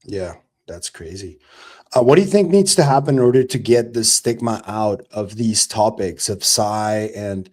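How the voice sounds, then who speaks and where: A man hosting a podcast, chatting in a relaxed and curious way and swearing casually. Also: lowish voice, moderate pace. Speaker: podcast host. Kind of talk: casual chat.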